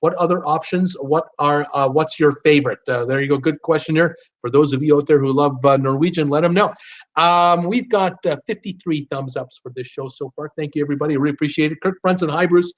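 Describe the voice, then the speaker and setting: A man's voice: on the high side, a little fast. A man hosting a live stream, reading viewer comments aloud and answering them in an upbeat way with many fillers. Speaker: host of a live cruise show. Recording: dull lo-fi stream audio.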